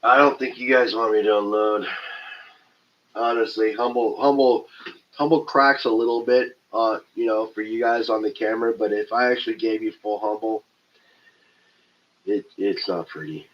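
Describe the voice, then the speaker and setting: A man with a lowish voice and a stuffy nose hosts a casual live stream. He jokes around loosely and swears freely as he answers his viewers. The sound is dull and lo-fi. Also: steady tone, normal speed. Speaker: livestream host.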